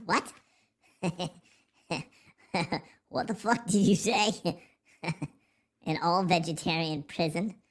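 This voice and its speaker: A man's voice: high-pitched, drawn-out words, pauses often. A man hosting a casual livestream, joking, rambling and swearing freely as he reads the chat. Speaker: livestream host.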